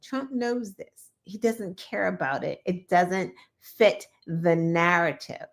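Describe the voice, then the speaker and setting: Sarcastic woman host, slow and pointed. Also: fairly low pitch, expressive. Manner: opinionated, sarcastic, mimics people she talks about. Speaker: podcast host. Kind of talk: casual political commentary.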